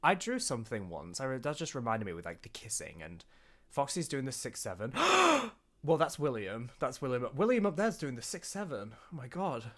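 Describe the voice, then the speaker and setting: A man's voice: mid-range voice, wildly swooping pitch, moderate pace, a bit bright. An English man with a mixed northern and southern accent, laughing and swearing as he reacts to his old work on a stream. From England. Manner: laughing, self-mocking, sweary. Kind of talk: casual reaction commentary.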